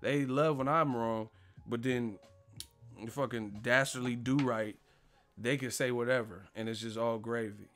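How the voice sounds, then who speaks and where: Profane, animated boxing live-stream host. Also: male voice, medium pitch, unhurried, faint music behind. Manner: animated, profane, storytelling, slangy.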